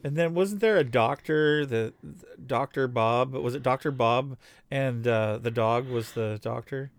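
A man chatting as co-host of a home podcast. His voice sits at an ordinary middle pitch and sounds close and dry, with no room around it. He talks loosely and playfully, with hummed snippets and sentences that wander off. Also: measured pace, no room sound. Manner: playful, hums and sings snippets, trails off mid-sentence. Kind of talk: casual chat.

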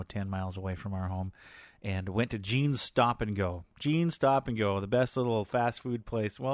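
A man's voice: fairly low pitch, no room sound, clean studio sound. A man in his forties hosting a podcast, telling family stories in a rambling, chatty way with lots of fillers. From US Pacific Northwest. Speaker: podcast host. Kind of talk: casual personal chat.

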